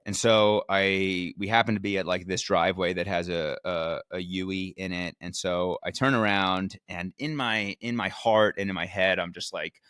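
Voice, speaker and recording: A man's voice: low voice, normal speed, bright, forceful tone, dry recording, studio quality. A young man casually telling a long story about a road trip, with lots of restarts and fillers and some swearing. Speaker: vlogger recapping a race weekend.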